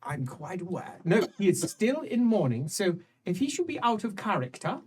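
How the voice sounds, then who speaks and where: A man's voice: high voice, sing-song, normal speed, husky, voice pushed up, heavily acted. A man voicing a fussy male chamberlain, a prim royal servant who lectures in a raised voice.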